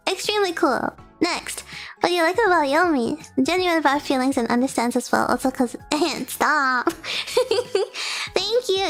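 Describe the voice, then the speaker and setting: A woman's voice: high voice, fairly bright tone. A young woman streaming as a VTuber, reading viewer submissions aloud in casual chat, bubbly and giggly, gushing with praise.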